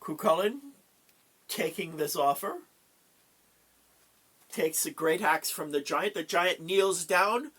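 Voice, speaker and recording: A man telling a folk tale aloud in an animated, dramatic way with pauses. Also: high-pitched, breathy edge. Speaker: storyteller.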